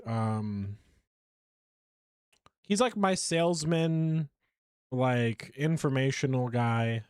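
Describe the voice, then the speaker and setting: Animated, chatty male streamer. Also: mid-range voice, slow pace, pauses often, clean tone, no room sound, studio quality. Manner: chatty, animated, self-mocking. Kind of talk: live gameplay commentary.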